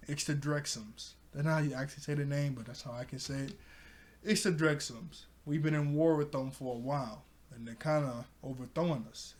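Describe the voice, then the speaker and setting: A young man casually recapping a cartoon episode, retelling the scenes loosely with quick quoted lines and frequent laughs. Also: mid-range voice. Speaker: cartoon reviewer.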